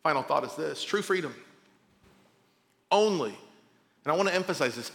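A man preaching a sermon as pastor, talking informally and swinging between loud emphasis and quiet drops. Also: on the high side, animated, moderate pace, creaky, pauses often, long reverb tail. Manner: conversational, informal asides.

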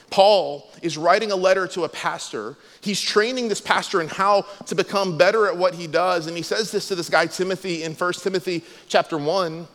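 Man, pastor, earnest sermon, high voice, echoing church hall. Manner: earnest, emphatic preaching with sudden soft drops. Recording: long hall reverb.

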